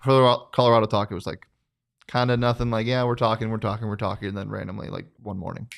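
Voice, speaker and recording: Man, sports talk co-host, casual, excitable, stop-start delivery. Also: lowish voice, fast, vocal fry. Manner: animated, restarts, laughs often.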